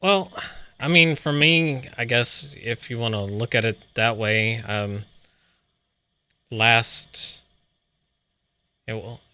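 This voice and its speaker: A man speaking as a guest in a radio studio, in a hesitant, halting way. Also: medium pitch, sharp tone, clean tone, no echo.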